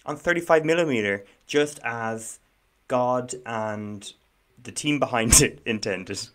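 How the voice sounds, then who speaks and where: Bloke co-hosting a film podcast, jokey, pokes fun at himself, mid voice. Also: male voice, mid-range voice, slow pace, a bit bright. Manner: jokey, self-deprecating. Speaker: podcast co-host guessing in a quiz. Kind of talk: casual chat.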